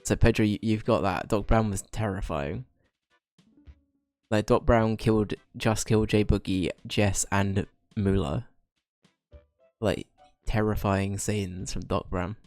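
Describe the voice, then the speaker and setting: A man's voice: fairly low pitch, fairly even intonation, a little slow, pauses often, a little mellow, no room sound, faint music behind. A man streaming a game and chatting with viewers, a bit bunged up from being slightly ill, rambling and addressing chat by name.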